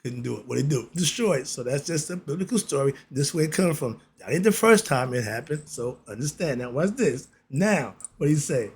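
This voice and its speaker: A man hosting his own religious commentary, speaking, emphatic and preachy, reading passages slowly and then riffing on them. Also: on the high side, expressive, breathy edge. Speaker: host.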